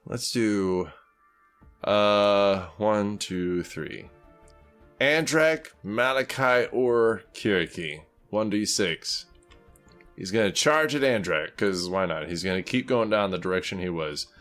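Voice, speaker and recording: A low-voiced man runs a tabletop game, his pitch swinging widely as he narrates the action and rules on questions. He laughs often and slips into creature voices, with faint music playing under him. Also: animated, slow pace, a bit bright. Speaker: game master.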